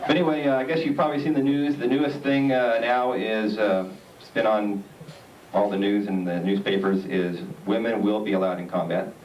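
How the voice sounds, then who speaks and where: A man performing a stand-up comedy routine on a theatre stage, telling stories with deadpan punchlines. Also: on the low side, moderate pace, muffled recording. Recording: roomy, distant, noisy live stage recording.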